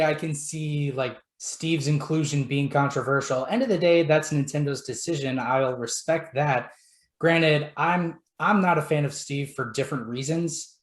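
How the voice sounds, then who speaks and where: Chatty male podcast host, roomy sound. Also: a little high. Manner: chatty, lots of "like" fillers. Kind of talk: casual podcast chat. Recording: roomy echo.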